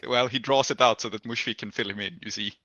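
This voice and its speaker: A man's voice: medium pitch, fairly even intonation, quick pace, bright, forceful tone, dry recording, dull audio. A man narrating a tabletop game as game master in a wry manner, dropping his voice for characters' lines.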